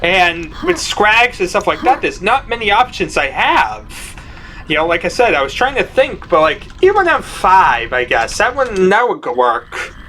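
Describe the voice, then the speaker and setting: Male gaming host, high voice, hammy mock-terror commentary, noisy recording. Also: sing-song, normal speed. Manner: shifts from mumbled planning to loud mock panic. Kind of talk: gameplay commentary.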